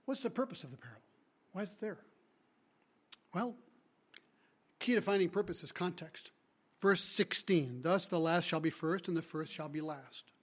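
A man preaching a sermon as a guest speaker, retelling the story with lively energy and asking the congregation rhetorical questions. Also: sits high, normal speed, pauses often, breathy edge. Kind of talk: expository sermon.

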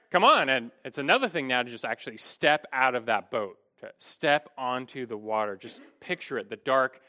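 A man's voice: mid-range voice, bright, forceful tone. A middle-aged man preaching an expository sermon, earnest and emphatic, often restarting his phrases.

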